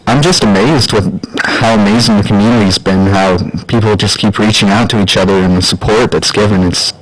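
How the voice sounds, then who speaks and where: A man's voice: lowish voice, brisk, rough recording. A young man, an intern, chatting on a live stream in a hesitant way with many fillers. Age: young adult. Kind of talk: casual live chat.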